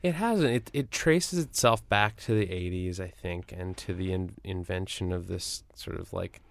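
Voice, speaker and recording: Guest journalist, man, deep and gravelly, casual and halting, dry booth sound. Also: no echo. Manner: halting, many fillers and restarts. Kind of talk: casual interview conversation.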